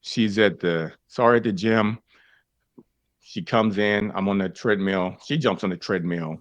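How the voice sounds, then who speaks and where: A man's voice: normal speed, a bit bright, dry recording, highs cut off. A man telling his faith story as a guest, calling the listeners fellas and folks and acting out the conversations he tells. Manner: acts out dialogue with big jumps in pitch. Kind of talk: animated storytelling.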